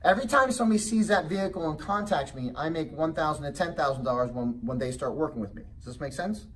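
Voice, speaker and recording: A man's voice: animated, fast talker, a bit bright. A middle-aged man giving a motivational real estate seminar talk, telling a family story and asking the audience questions. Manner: acts out child's voice in high pitch. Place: presentation room. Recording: distant mic with faint background noise.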